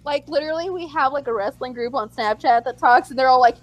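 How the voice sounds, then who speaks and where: A woman co-hosting a casual chat, animated and acting out her own reactions in squeals. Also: high voice, fast, few pauses, low-quality recording. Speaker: podcast co-host.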